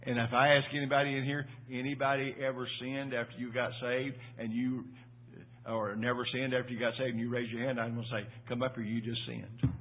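An older man preaching a sermon in church, swinging from loud emphatic peaks to low quiet asides and repeating phrases for emphasis. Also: little pitch movement, fairly quick. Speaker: pastor. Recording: tinny phone-like sermon audio.

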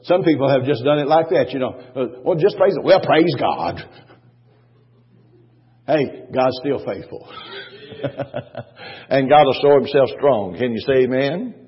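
Husky-voiced man preaching in a reverberant hall. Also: mid-range voice, expressive, slow pace, pauses often. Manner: emphatic preaching with repetition and rhetorical questions. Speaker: pastor. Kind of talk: sermon. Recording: dull, long church-hall reverb.

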